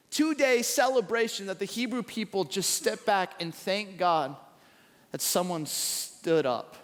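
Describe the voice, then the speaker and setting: High-voiced man pastor, lively storytelling sermon, recorded in a reverberant church auditorium. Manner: animated storytelling with acted quotes. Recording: echoey large hall.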